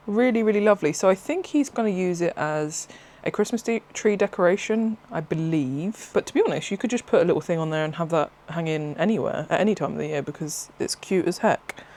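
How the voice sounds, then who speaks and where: A craft vlogger, talking in a casual, rambling way and often laughing and breaking off mid-thought. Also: mid-range voice. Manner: rambling, excitable, self-interrupting, laughs often. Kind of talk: casual chatty vlog.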